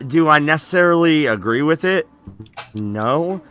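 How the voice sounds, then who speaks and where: A man's voice: fairly high pitch, animated, measured pace, a bit bright, clean tone. A man co-hosting a casual podcast, laughing and ranting in mock anger through rowdy banter. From Oregon.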